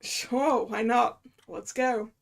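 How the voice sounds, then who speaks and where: A woman reading the lines of a friendly young male pilot in a game, in a courteous, gentle way close to her own voice. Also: on the high side, fairly even intonation, slow pace, gravelly, exaggerated voice.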